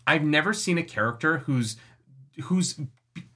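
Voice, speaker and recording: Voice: mid-range voice, animated, measured pace, bright, forceful tone. A podcast co-host in a casual book discussion, ranting with passion and plenty of swearing, acting out quoted characters. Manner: impassioned, profane ranting.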